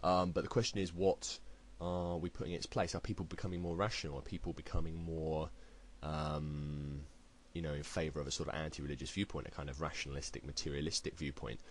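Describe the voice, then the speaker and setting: A man's voice: a bass voice, flat delivery, fast talker, slight background noise, poor audio. A British man delivering a heated, blunt opinion rant to camera, swearing freely. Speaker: video blogger. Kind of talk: ranting opinion commentary.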